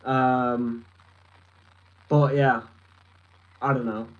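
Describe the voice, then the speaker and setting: A man's voice: medium pitch, flat delivery, extremely slow, highs cut off. A man in his twenties from northern England with a Lancashire accent, rambling and swearing as he answers a live chat. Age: 20s. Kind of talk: casual live stream chat. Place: his room at a desk.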